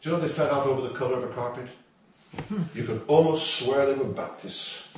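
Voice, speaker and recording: Male preacher, chatty and joking, recorded from afar in a booming hall. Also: quick pace. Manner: humorous, conversational, with asides and acted quotes. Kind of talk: sermon. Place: church hall. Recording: echoey hall, distant mic, faint noise.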